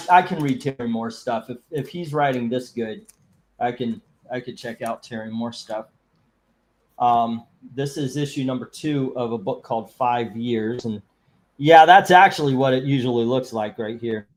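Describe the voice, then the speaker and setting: A man's voice: medium pitch, normal speed, a little hiss or hum. A man hosting a live comic book auction stream, chatting casually in a rambling, joking way and reading out viewer comments. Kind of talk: casual livestream chat.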